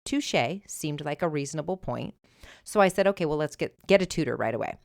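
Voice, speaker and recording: A middle-aged woman talks straight into her mic as host of her own advice podcast, firm and emphatic. Her voice sits a little low and sounds smooth and clear. The sound is dry and close, with no room around it. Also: fairly quick, no echo. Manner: emphatic, conversational, animated when retelling. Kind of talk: solo podcast advice talk. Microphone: earbuds with mic.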